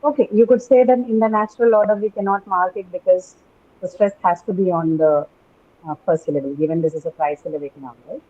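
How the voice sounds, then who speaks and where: Mellow-voiced woman teaching a class. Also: on the low side, fairly quick. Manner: tags statements with "right?", questions students. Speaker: English teacher. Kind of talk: classroom pronunciation lesson. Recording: dull lo-fi recording.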